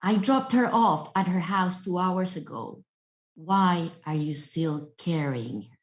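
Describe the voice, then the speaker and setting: A woman voicing a calm, wise old male master who speaks slowly and quietly. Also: fairly low pitch. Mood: serene. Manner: slow, quiet, serene.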